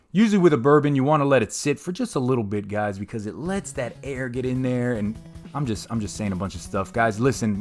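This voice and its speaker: Casual male vlogger, mid-pitched, talky unboxing chat, faint music under. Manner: chatty, calls viewers "guys", lots of fillers. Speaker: vlogger reviewing comics and bourbon.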